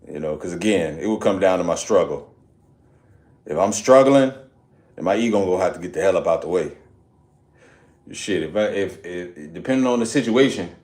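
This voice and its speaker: A man's voice: low voice, a little mellow. A man chatting casually with his live audience during a workout, laid-back and joking. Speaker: fitness streamer. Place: home workout space, indoors.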